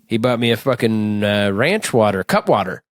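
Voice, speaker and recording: A man co-hosting a podcast, chatting casually and telling animated, self-mocking stories with profanity. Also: fairly low pitch, moderate pace, dry recording, clean studio sound. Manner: animated storytelling, acts out his own scared drunken voice in quotes. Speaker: podcast co-host. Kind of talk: casual chat.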